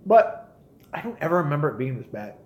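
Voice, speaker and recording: Animated, profane man in his forties ranting. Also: on the high side, fairly quick, roomy sound, slight background noise. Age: 40s. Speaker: live stream host. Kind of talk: casual rant.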